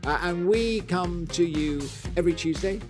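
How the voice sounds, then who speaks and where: A man's voice: high voice, moderate pace, over music. Rambling, jokey male podcast host. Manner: rambling, jokey, self-mocking. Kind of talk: casual chat.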